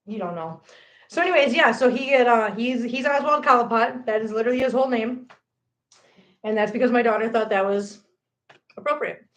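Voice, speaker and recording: A middle-aged woman hosting a casual live stream, chatty and animated, greeting viewers by name as she chats. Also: on the high side, a little fast. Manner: chatty and animated, reads viewer comments aloud. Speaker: livestream host. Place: home, indoors. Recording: echoey room.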